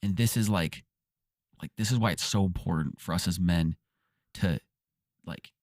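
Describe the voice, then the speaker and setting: Lowish voiced guy cohosting a podcast, dry mic, excitable chatty stories. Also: normal speed, dry recording. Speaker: co-host. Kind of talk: casual chat. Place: basement studio.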